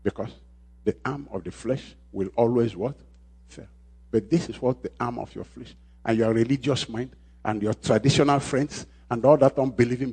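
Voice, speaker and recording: Brief: male pastor, husky voice, call-and-response sermon, shouts then drops low. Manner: call-and-response preaching, repeating phrases, swings from shouting to quiet.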